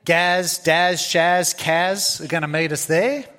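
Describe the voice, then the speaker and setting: A laid-back Aussie bloke rattles off local slang in a cheery, raised voice , as a man acts him out. He has a broad Australian accent and a casual, easygoing lilt, pitched a touch higher than usual. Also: fairly even intonation, slow, sharp tone. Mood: breezy.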